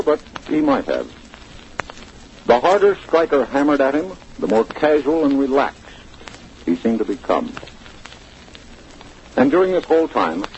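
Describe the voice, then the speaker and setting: Brief: male radio correspondent, lively pitch, measured courtroom report, muffled vintage sound. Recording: dull old radio broadcast with faint hiss.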